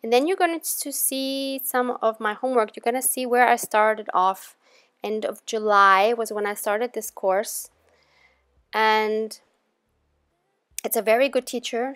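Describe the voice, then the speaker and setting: A woman hosting a crafting channel, talking viewers through her project in a chatty, relaxed voice-over. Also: a little high, measured pace, no echo, studio quality. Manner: chatty and relaxed, with gentle laughs. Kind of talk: casual tutorial voice-over.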